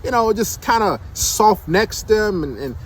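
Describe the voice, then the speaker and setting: A man's voice: sits high, lively intonation, measured pace, slight background noise. A man giving blunt, emphatic dating commentary in a casual monologue, full of rhetorical questions.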